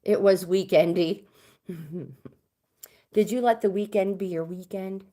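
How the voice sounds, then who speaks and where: A woman's voice: mid-range voice, steady tone, a little slow, mellow. Middle-aged woman, chatty livestream host reading cards, casual. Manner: chatty, reads viewer comments aloud. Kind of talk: casual live chat.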